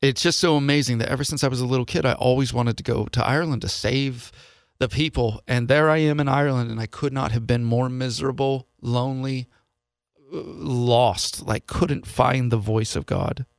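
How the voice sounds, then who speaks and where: A man's voice: medium pitch, fairly even intonation, normal speed, dry recording, studio quality. A man from Seattle, a podcast host, telling a personal story in an earnest, confessional way and voicing his past thoughts as quotes. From Seattle, USA.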